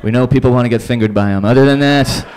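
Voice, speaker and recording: A man from Canada performs stand-up in a small comedy club. His voice sits at a middling pitch, and he rambles through crude bits. Now and then he breaks into silly put-on voices. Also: quick pace, darkish tone, clean tone. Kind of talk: live stand-up set.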